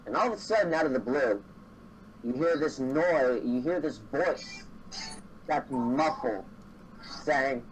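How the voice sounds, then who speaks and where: A man's voice: mid-range voice, lively intonation, slow pace, pauses often, slight background noise, poor audio. A man running a tabletop game as game master, narrating casually with a lot of restarts. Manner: casual, rambling, laughs often.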